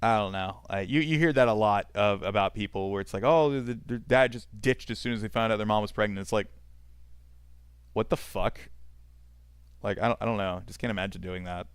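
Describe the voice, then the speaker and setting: Low-voiced, profane male game streamer. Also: brisk, smooth, dry recording. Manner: profane, rambling, talks to chat. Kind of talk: casual live-stream commentary, reading chat aloud.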